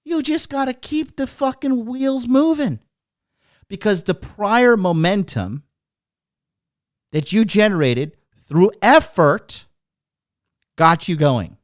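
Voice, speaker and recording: A man's voice: sits high, lively intonation, slow pace, pauses often, no echo, clean studio sound. A man hosting a podcast, delivering a blunt, profane, mocking rant. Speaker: podcast host. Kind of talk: ranting monologue.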